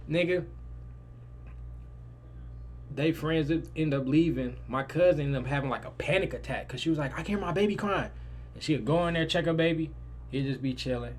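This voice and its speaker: Young guy telling a crazy story, kinda high voice, gets loud and animated when he quotes people. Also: fairly quick. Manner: animated, swings loud and high in quoted lines, swears freely.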